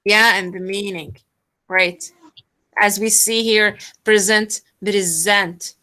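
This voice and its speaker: A woman teacher talks her class through a lesson in a bright voice. She explains haltingly, often pausing and filling gaps as she goes. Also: medium pitch, steady tone. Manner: hesitant, many fillers while explaining.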